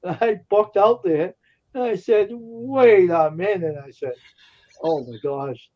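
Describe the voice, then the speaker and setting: A man's voice: high-pitched, big pitch swings, measured pace, darkish tone, muffled recording. A man on a livestream casually telling indignant, heated stories about confrontations. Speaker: stream co-host. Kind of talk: casual storytelling chat.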